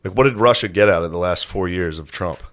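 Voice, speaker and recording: A man's voice: low-pitched, fast. A man in his thirties co-hosting a comedy podcast, telling laid-back stories, acting out quotes and laughing often. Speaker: podcast co-host. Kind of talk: casual comedy podcast chat.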